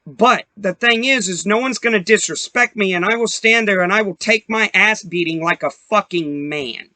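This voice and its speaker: A man's voice: high-pitched, normal speed, sharp tone, no room sound. Young guy on a podcast, heated and cussing, rambly, dry close mic. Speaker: podcast host. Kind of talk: casual storytelling rant.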